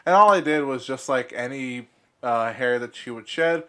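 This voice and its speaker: Casting: young male podcast host, mid-pitched, blunt and profane, quick to laugh. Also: a bit bright, clean tone. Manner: blunt, swears often, laughs a lot. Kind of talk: casual chat.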